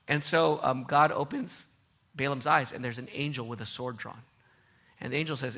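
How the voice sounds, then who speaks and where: A man preaching with passion, his voice bright and forceful and set a little high. He drives his points home with repeated phrases, swinging from loud, pressing peaks to quiet, low asides. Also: quick pace. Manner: impassioned, emphatic repetition, voice swinging loud to soft. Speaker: pastor. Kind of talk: sermon.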